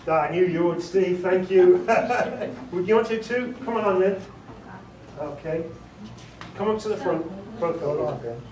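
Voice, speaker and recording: A man's voice: high-pitched, slow pace, a little mellow. A British man giving an informal workshop talk as an audiobook director, chatty and joking with the small audience he quizzes. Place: meeting room with a small audience. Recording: echoey room, voice far from the mic, faint noise.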